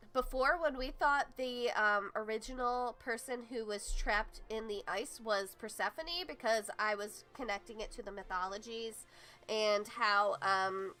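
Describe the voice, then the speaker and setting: A young woman giving casual, rambling commentary on a video game theory, thinking aloud and filling pauses with lots of likes and ums. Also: a little high, pushed and bright. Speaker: gaming theory YouTuber.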